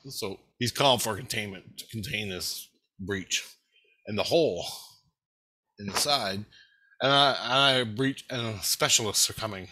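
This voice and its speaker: A man casually telling a rambling, excitable story, swearing freely. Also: fairly low pitch, normal speed, rough recording.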